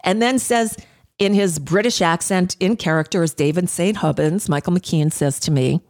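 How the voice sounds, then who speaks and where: Animated middle-aged woman radio host. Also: fairly low pitch, normal speed. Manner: conversational, animated anecdotes with frequent fillers. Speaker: radio talk show host. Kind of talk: casual storytelling monologue.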